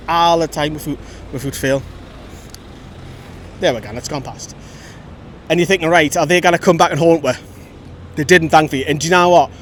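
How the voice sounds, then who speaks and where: A man giving a chatty, opinionated post-match reaction as host of a fan channel, filmed outdoors by a road. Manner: chatty, opinionated, lively storytelling. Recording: faint traffic rumble outside.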